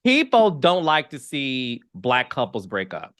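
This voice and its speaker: A man from the American Midwest hosting an interview podcast, emphatic and animated, repeating words as he presses his points in casual chat. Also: medium pitch, a little slow, smooth, no room sound, clean studio sound. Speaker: podcast host.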